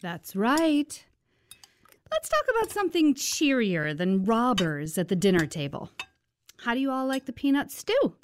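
A woman playing a gentle, reassuring missionary mother in a family radio drama. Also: on the high side, big pitch swings, a little slow, a little hiss or hum.

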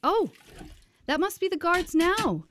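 A woman playing a gentle, reassuring missionary mother in a family radio drama. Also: very high voice, very animated, slow, noisy background, exaggerated voice.

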